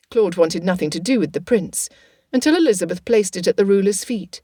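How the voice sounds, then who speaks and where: A woman narrating an audiobook in a steady, even reading. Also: medium pitch, fairly quick, slightly rough, dry recording, clean studio sound.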